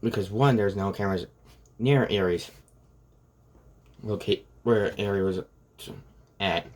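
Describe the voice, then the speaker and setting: A man's voice: lowish voice, a little slow, a little mellow. A man casually retelling a fan-made story in a rambling way, full of fillers. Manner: rambling, full of "like" and "pretty much".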